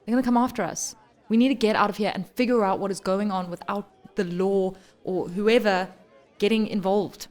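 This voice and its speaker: A woman's voice: mid-range voice, steady tone, fairly quick, darkish tone. A woman from South Africa playing a tabletop game, speaking hesitantly with frequent restarts. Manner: hesitant, stammering. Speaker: player.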